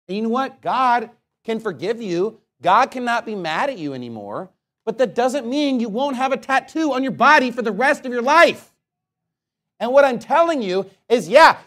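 A male pastor preaching a sermon bluntly, swinging between loud emphatic bursts and quiet asides. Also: sits high. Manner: peppers points with "okay?" and "you know what?".

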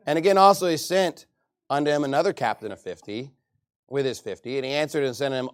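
A man's voice: medium pitch, fast talker, clear, resonant tone, no echo, studio quality. A man preaching a sermon, reading scripture aloud and mocking people by putting on voices. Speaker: pastor.

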